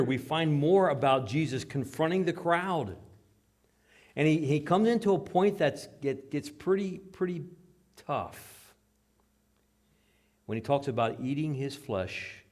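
Preaching man, loud then hushed. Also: on the high side, expressive, unhurried. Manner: dramatic, swings between loud scripture reading and hushed asides; asks the congregation questions. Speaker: pastor. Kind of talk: sermon.

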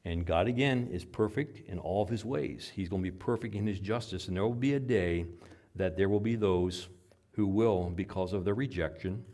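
A man preaching a sermon as pastor, swinging between quiet asides and loud, emphatic repeated phrases. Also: low voice, moderate pace.

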